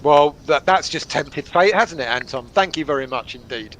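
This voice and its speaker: A man's voice: a little high, lively intonation, moderate pace, a crowd in the background. A man co-hosting a football watchalong, wry and teasing, calling out the clock. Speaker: fan channel co-host. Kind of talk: live match watchalong chat.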